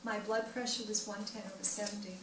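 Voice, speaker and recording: A woman's voice: mid-range voice, a little fast. Older woman telling her story in an echoey room. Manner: animated storytelling with quoted dialogue. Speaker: wellness speaker. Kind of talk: personal testimony talk. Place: library event room. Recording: echoey room from far off, noisy.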